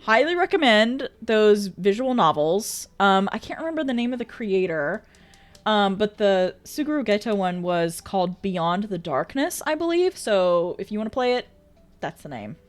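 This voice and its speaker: Woman streamer, casual chat, pitch swinging high and low, exclamatory and sweary, faint music playing behind. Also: moderate pace. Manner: animated and exclamatory, swears freely, laughs often. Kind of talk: casual chat reading out viewer messages.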